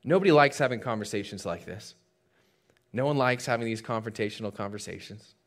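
A man preaching a sermon in a church, telling a story with dramatic swings from loud to hushed and joking asides to the congregation. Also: on the low side, fairly quick. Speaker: pastor.

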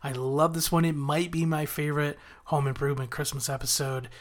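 A man's voice: fairly high pitch, level tone, brisk. A man hosting a podcast, recapping a TV episode in an enthusiastic, rambling way with frequent chuckles. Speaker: podcast host reviewing a TV episode.

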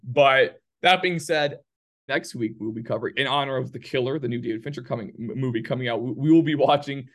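A man's voice: medium pitch, a little fast. A man hosting a casual film podcast, rambling and joking, laughing often. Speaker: podcast host.

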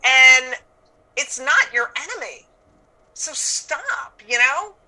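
A woman's voice: sits high, lively intonation, slow pace, pushed and bright, slight background noise, rough recording. A woman comedian telling stories in casual chat, blunt and profane, acting out what people said. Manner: blunt, profane, storytelling with acted-out quotes. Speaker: comedian guest.

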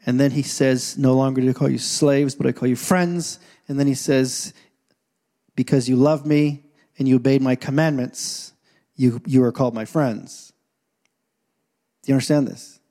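A man preaching a sermon as pastor, telling stories and acting out scenes, swinging from quiet asides to loud points. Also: medium pitch, fairly even intonation, normal speed.

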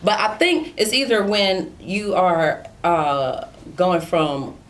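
A woman guest on a casual talk show, telling stories in an animated, slangy way. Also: fairly low pitch, slow. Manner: animated, slangy, acts out other voices. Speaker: podcast guest, military veteran. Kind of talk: casual storytelling.

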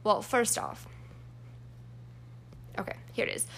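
A woman's voice: slow, a bit bright, a little hiss or hum. A young woman co-hosting a casual chat, telling family stories and talking straight to listeners with a giggly manner. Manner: storytelling, giggly, addresses listeners directly. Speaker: podcast co-host.

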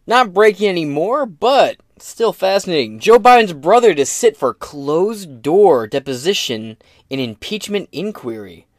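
A man's voice: high-pitched, animated, a little slow, no echo, studio quality. A man hosting a podcast, riffing on news in a rambling, profane, joking way. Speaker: podcast host. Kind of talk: casual political podcast commentary.

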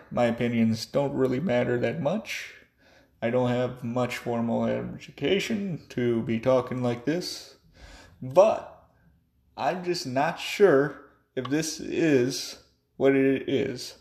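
A man's voice: fairly high pitch, vocal fry, a little mellow. A young man ranting angrily and profanely in a monologue. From United States. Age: young adult. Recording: echoey room.

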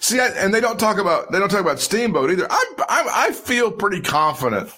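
A man's voice: high-pitched, sing-song, fast, sharp tone. A man co-hosting a podcast in casual chat, crude and joking, laughing often. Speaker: podcast co-host.

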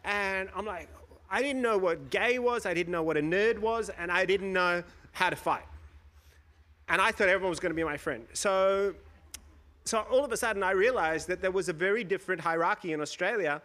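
A man from India, middle-aged, sits on a panel in front of a live audience. His voice sits high for a man. He tells his story in an animated way, acts out the people he describes and laughs often. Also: normal speed. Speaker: panel guest. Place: stage before a live audience.

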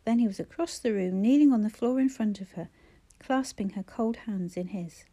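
A woman narrates a novel in a mellow, darker tone. Her delivery is measured and expressive, a steady storyteller's voice. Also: medium pitch. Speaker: audiobook narrator. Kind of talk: scripted narration.

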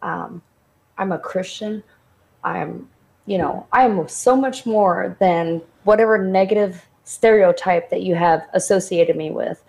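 A woman from Texas with a softened Texas accent, a guest in a casual interview, speaking in a blunt, emphatic, defiant way. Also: lowish voice, unhurried, vocal fry, husky.

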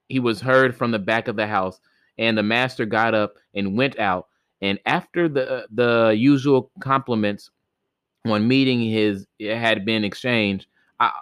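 A man's voice: on the low side, fairly bright tone, clean tone, dry recording. A man reading a folk tale aloud for a podcast, plain in delivery, often stumbling and restarting words. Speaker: podcast storyteller.

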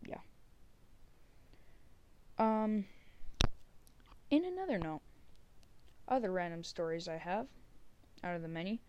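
A woman's voice: on the low side, very animated, takes it slowly, long pauses, lo-fi sound, background noise. Rambling woman hosting a solo podcast. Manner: rambling, many fillers, trails off softly. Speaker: podcast host. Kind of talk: casual solo podcast chat.

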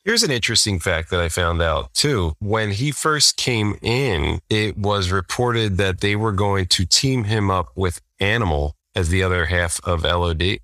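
A deep-voiced man chatting casually on a podcast, wry and laid-back as he reviews old wrestling episodes. His tone is bright and forceful, and the recording is dry and close. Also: measured pace, few pauses, no room sound. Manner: laid-back, wry, frequent laughs and fillers. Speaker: podcast co-host.

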